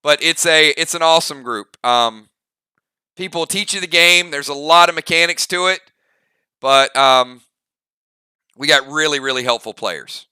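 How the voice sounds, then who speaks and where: A man running a live role-playing game, calling each move and damage total in an upbeat play-by-play. His voice is very bright and crisp, and the recording is dry and close. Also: on the high side, no room sound. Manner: upbeat, drawn-out play-by-play calls. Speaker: game master. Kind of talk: live game narration and commentary.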